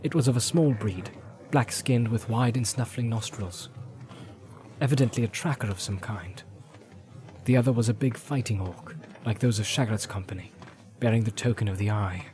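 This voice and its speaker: A man narrating a fantasy audiobook in a measured storytelling way. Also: lowish voice, a little mellow.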